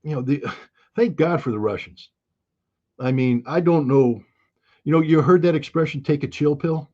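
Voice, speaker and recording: A middle-aged American man giving heated, blunt political commentary as an interview guest, sarcastic and quick to mock others by quoting them. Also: fairly high pitch, warm tone, dull audio. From United States. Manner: blunt, sarcastic, quotes others in mocking voices.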